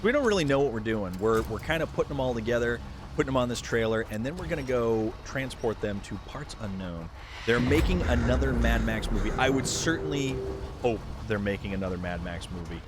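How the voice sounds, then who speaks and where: There's background noise as this man, his mid-range voice expressive and brisk, streams a game live. He chats loosely, cracks jokes, rambles, and reads the chat out loud.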